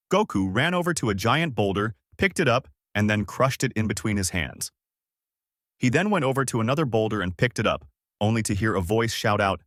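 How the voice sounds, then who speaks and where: A man reads a fan-made adventure story aloud with a low voice. His reading is animated, with lively swings in pitch. The recording is dry and close. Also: moderate pace, no room sound.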